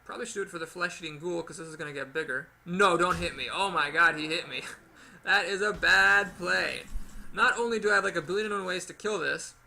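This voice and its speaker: A man with a very bright, forceful voice and a high pitch talks through his card game in a chatty, playful way. His tone carries a gravelly edge. Now and then he breaks into lively exclamations. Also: fast talker, hardly any pauses. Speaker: gaming video host. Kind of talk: casual gameplay commentary.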